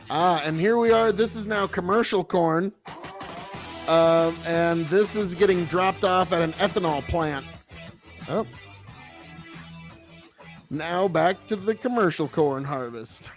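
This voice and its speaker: A man with a notably high voice talks through a casual livestream, rambling loosely from one thought to the next. He swears freely and gets excited easily. Soft music plays faintly behind him. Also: takes it slowly, long pauses. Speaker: livestream host and seed farmer.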